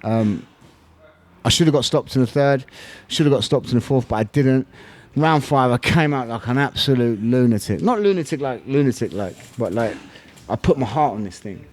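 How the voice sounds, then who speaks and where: This middle-aged former fighter, appearing as a podcast guest, talks at a moderate pace with a medium-pitched voice. His emotional storytelling is frank and blunt, thick with slang and curse words.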